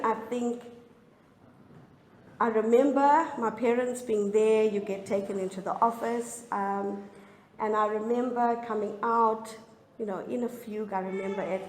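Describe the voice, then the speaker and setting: A middle-aged woman telling her recovery story as a personal testimony, candid and often halting with emotion. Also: on the high side, a little mellow, slight background noise. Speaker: speaker sharing a recovery story. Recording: echoey room, faint ambience.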